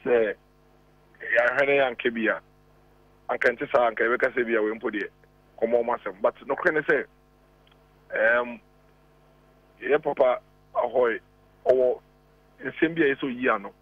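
Man, Ghanaian accent, radio guest, tinny phone line, dry, mid pitch. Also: no echo. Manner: deliberate, argues with rhetorical questions. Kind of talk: radio talk show discussion.

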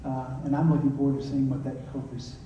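A man's voice: mid-range voice, level tone, quick pace, mellow, dull audio, slight background noise. A man with a Southern accent, a pastor speaking plainly and encouragingly to his church. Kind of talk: sermon and church announcements. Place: church sanctuary. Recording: echoey church, distant mic.

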